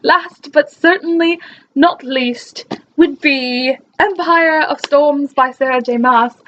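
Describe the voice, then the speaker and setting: A woman's voice: high voice, slow, fairly bright tone, lo-fi sound, a little hiss or hum. A young woman chatting in a casual vlog, talking in an imitated British accent. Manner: chatty and enthusiastic, with frequent restarts. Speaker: book vlogger.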